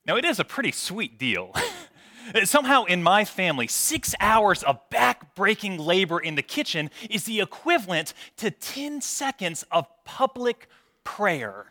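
Bright-voiced male preacher. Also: high voice, big pitch swings, unhurried. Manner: storytelling, self-deprecating humor. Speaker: pastor. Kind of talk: sermon.

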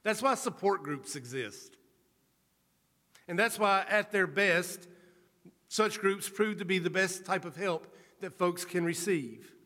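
A male preacher giving an earnest sermon, telling a story in a measured, storytelling manner. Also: high-pitched, pushed and bright. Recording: reverberant hall.

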